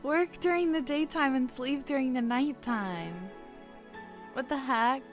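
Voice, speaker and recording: A playful woman chats with her stream audience between bits of gameplay, giggling and greeting viewers by name. Her voice sits a touch higher than most. Soft music plays faintly underneath. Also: unhurried. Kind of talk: casual live-stream chat while gaming.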